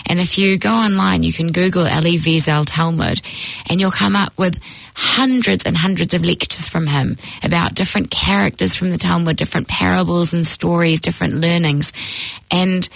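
A woman teaching a lesson, telling a joke with earnest, animated delivery. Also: on the low side, creaky, dry recording, rough recording. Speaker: teacher of Jewish texts. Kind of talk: storytelling lecture.

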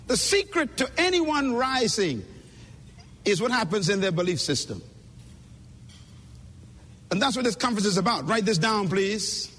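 A man's voice: high voice, sing-song, a little slow, long pauses, a bit bright, slightly rough. A man giving an emphatic, preacher-like motivational speech at a conference, speaking directly to the audience, recorded in a reverberant hall.

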